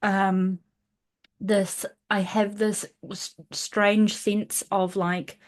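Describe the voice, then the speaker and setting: A woman's voice: medium pitch, level tone, extremely slow. A woman, hosting a podcast as a casual personal monologue, rambling and self-deprecating, with frequent laughs and restarts. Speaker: podcast host.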